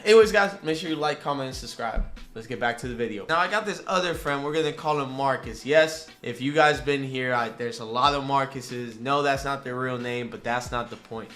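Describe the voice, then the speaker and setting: A young man vlogger telling a casual, slangy story that turns animated and high-pitched when he gets excited. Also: brisk, few pauses, soft background music.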